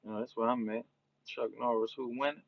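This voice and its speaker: A man's voice: medium pitch, fairly even intonation, a little fast, dry recording. New orleans dude chatting on his live stream, easygoing and rambly, muffled lo-fi sound. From New Orleans, Louisiana. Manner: laid-back, rambling, peppered with "you know". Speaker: livestreamer. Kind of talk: casual live-stream chat with viewers.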